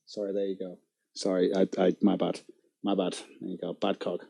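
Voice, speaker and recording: A man's voice: deep voice, monotone, fairly quick, creaky, mellow, breathy edge. A man streaming live and commenting casually in a profane, giggly, mocking way.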